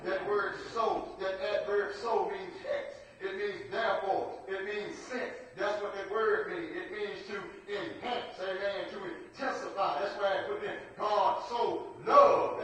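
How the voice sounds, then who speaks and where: High-voiced preacher in an echoey room. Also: male voice, a bit bright, far from the mic. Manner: call-and-response preaching, rising to emphatic peaks. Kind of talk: sermon.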